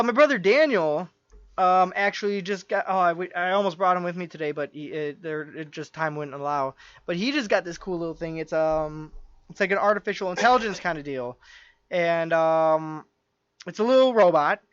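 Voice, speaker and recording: A man's voice: high voice, normal speed, fairly bright tone, smooth, no echo. A man co-hosting a podcast in casual chat, rambling eagerly with many fillers and restarts. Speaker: podcast co-host. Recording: dull lo-fi dry recording.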